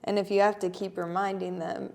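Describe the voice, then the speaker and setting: A woman's voice: mid-range voice, level tone, a little fast, vocal fry, darkish tone. A woman in her twenties co-hosting a podcast, talking frankly in a casual, chatty way. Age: 20s. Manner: chatty, frank, many "like" fillers. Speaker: podcast co-host. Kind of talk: casual chat.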